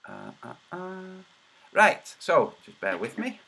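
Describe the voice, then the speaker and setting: Lively bright-voiced man muttering. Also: mid-range voice, slow, vocal fry, breathy edge, faint music behind. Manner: mutters while searching, then mocking and sarcastic. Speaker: video host. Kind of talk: casual livestream commentary.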